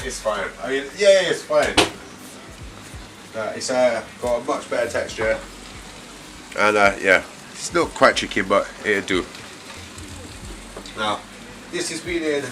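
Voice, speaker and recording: A man talking through a recipe step by step as he cooks, in a relaxed casual way. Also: medium pitch, recorded from a distance. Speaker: home cook host. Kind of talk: casual cooking demonstration. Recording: roomy kitchen from off-mic, with noise.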